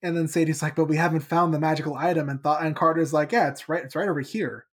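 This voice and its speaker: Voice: mid-range voice, fairly even intonation, fast talker, husky. A podcast host casually recapping a book chapter in a chatty, playful way.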